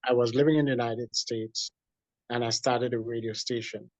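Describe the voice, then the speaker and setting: A man, a guest in an interview, telling a personal story in an animated way with many restarts. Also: mid-range voice, moderate pace, no echo. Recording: dull lo-fi dry sound.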